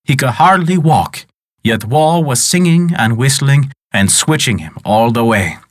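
A man narrating a folk tale in an expressive, dramatic way as the storyteller of the show. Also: mid-range voice, unhurried, no room sound, studio quality.

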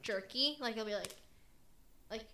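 A young woman with an American accent speaks a little slowly in a high-leaning voice that sounds pushed and bright. She's from the US and co-hosts a podcast, rambling through casual chat with many fillers and giggles.

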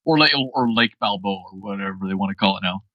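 A man co-hosting a podcast in casual chat, halting and restarting his sentences, laughing easily. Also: low voice, dry recording, dull audio. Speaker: podcast co-host.

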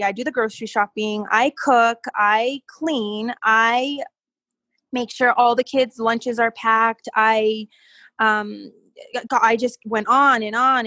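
A woman guest telling a personal story in casual conversation, animated and quick to laugh, often repeating words as she gets going. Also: a little high, no echo. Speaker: podcast guest.

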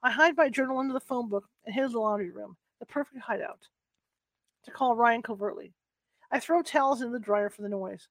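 A woman reading a first-person novel aloud in a soft, unhurried way, with small restarts. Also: a little high, no echo. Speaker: book reader.

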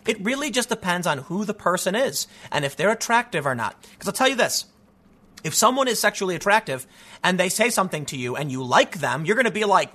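A male commentator with a high voice that swoops through a wide range as he talks. He sounds bright and edgy, mocking as he goes and tripping over repeated words. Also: fairly quick. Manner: animated, mocking, stammers repeats. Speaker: political commentary host. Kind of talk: opinionated solo commentary.

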